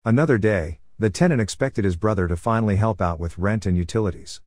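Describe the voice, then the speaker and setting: A man with a low voice recounts an old episode from his life in a calm, matter-of-fact storytelling manner. The sound is dry and close, with no room around it. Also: fast, dry recording. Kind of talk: first-person storytime narration.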